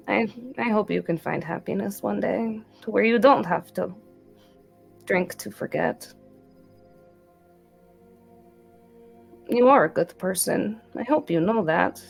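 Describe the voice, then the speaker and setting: A woman voicing a gentle, caring young woman who speaks softly and tenderly, calling herself by name. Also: mid-range voice, a little slow, gravelly, husky, faint music behind, pitched above the performer's own voice, full character voice.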